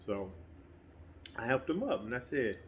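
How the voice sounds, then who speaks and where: A middle-aged man telling a personal story in a relaxed, conversational way, sometimes getting animated. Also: mid-range voice, unhurried, a little hiss or hum. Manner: relaxed, conversational, breaks into animated quoted voices. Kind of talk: casual spoken anecdote.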